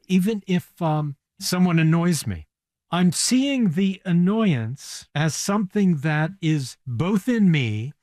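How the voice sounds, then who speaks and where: A man hosting an interview, asking thoughtful, earnest questions and reading measured narration. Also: fairly high pitch, a little mellow. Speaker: interview host.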